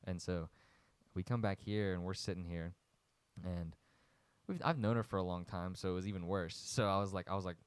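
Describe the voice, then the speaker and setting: A man co-hosting a podcast, telling a story in relaxed casual chat. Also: sits low, fairly quick, clean tone, no echo. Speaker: podcast co-host.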